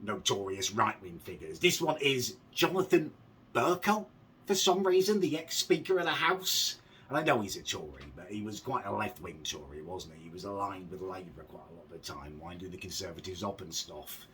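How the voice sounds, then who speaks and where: A man's voice: sits low, animated, normal speed, fairly bright tone, far from the mic, slight background noise. A man hosting a reaction video, ranting sarcastically and sounding exasperated. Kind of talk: casual reaction commentary.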